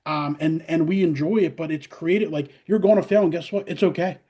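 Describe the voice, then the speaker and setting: Guest coach, male, brighter higher register than most men, energetic rambling delivery. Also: husky. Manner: energetic, quick storytelling with many fillers and restarts. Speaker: college softball head coach, guest. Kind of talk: casual interview talk.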